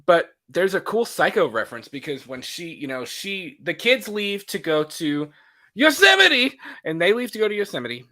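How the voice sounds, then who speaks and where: Animated, bright-voiced man chatting. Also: high-pitched, normal speed. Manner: animated, laughs often, acts out scenes in voices. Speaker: podcast co-host. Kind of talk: casual movie podcast chat.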